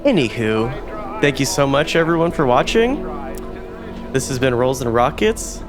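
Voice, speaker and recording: A man's voice: medium pitch, lively intonation, a little slow, music in the background. A man hosting a let's play, reacting playfully as he reads through a game. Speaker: host.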